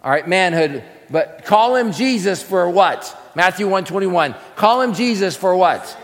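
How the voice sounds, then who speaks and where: Sitting high and sounding a bit bright, this man's expressive, unhurried voice echoes with a long reverb tail. He's a preacher teaching a class on scripture sermon-style, quizzing listeners and answering his own questions.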